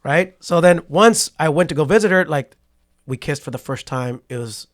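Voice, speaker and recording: Animated man telling a story. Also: on the high side, normal speed. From Patterson, California. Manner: animated storyteller who acts out quotes and keeps asking "right?". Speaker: podcast guest. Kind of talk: casual storytelling interview.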